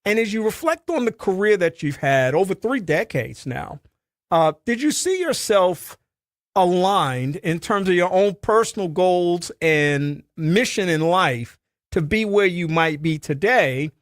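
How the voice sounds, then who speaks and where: A man hosting a radio interview, asking long, measured questions. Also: sits high, expressive, no room sound, studio quality. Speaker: radio show host.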